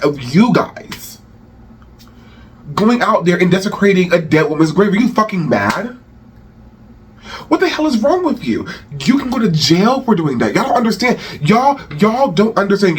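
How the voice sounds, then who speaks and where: A man's voice: high voice, slight background noise. A man hosting a rant channel, delivering heated celebrity commentary with profanity and repeated phrases.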